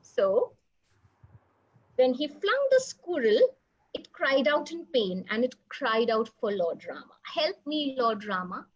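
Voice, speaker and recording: A woman storyteller telling a children's story, animated and asking the children questions. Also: a little high, slow pace, husky, muffled recording.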